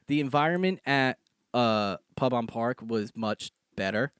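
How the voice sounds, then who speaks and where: A young man co-hosting a podcast, joking and laughing often in relaxed casual banter. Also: medium pitch, measured pace, clean tone, dry recording, clean studio sound. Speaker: podcast co-host, regular comedian. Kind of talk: casual chat.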